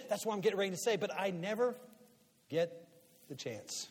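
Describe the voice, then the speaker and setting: A man in his fifties speaking to a live audience, an animated storyteller who swings from quiet asides to loud punchlines. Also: high voice, normal speed, pauses often, husky. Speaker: guest speaker and media commentator. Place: large hall before an audience. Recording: long reverb of a large hall.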